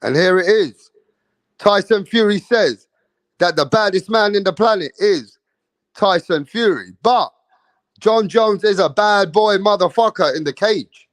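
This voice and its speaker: A man's voice: sits high, measured pace, no room sound. A man hosting a casual live stream, chatting with viewers in hyped, profane, slangy banter.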